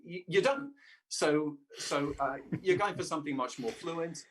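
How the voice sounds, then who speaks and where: A man's voice: a little high, slight background noise. A man, a voice actor chatting as a guest in an interview and often restarting his sentences. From England. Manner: halting, many restarts and fillers. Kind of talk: casual interview chat.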